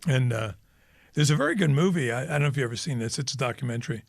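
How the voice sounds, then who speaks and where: A man co-hosting a podcast, telling a story in a casual, animated way and acting out the characters. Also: very fast, creaky, dry recording, clean studio sound. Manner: animated storyteller, acts out characters with pitch jumps. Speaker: podcast co-host. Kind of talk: casual chat, retelling a film joke.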